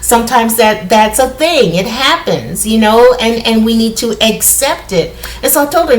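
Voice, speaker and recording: A woman's voice: a little high, animated, normal speed, hardly any pauses. A woman talking casually to her viewers, rambling with asides and laughs. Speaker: spiritual vlogger. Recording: echoey room.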